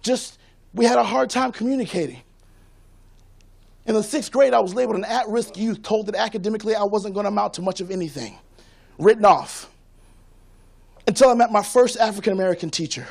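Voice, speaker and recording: A man with a strikingly high voice delivers a motivational keynote from a conference stage. His delivery is rhythmic and preacher-like, and he builds each point toward a line the audience has to call back to him. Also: a little fast, gravelly, pauses often. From Tampa, Florida. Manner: rousing call-and-response, rhythmic preacher-like cadence.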